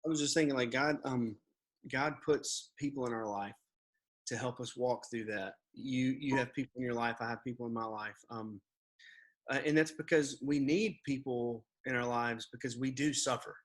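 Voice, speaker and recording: A man's voice: mid-range voice, fairly even intonation, normal speed. A man who is a pastor, talking earnestly in a casual church podcast conversation and reading scripture aloud.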